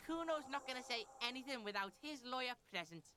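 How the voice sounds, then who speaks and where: A woman's voice: sits high, animated, fast talker, bright, forceful tone. A brash foul-mouthed street boy. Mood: defiant. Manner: brash, swearing, speaks of self in third person.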